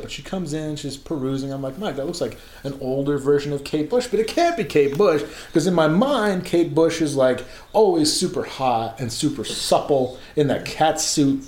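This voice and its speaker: A man's voice: on the high side, a little mellow. A man in his thirties telling a long, rambling story in casual chat, laughing and swearing as he goes. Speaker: podcast co-host telling stories. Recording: echoey room.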